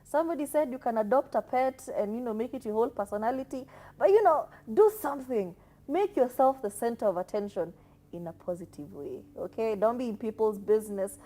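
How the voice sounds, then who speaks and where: An emphatic woman from Kenya co-hosts a casual chat, speaking a touch high. She gives firm opinions and now and then mimics the voices of other people. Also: lively intonation, brisk, warm tone. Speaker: podcast co-host.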